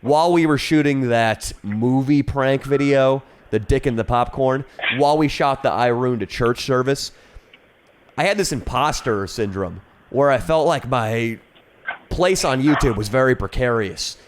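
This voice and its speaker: A man co-hosting a comedy podcast, talking in a brash, excitable, profane way. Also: medium pitch, measured pace, noisy background. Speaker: podcast co-host.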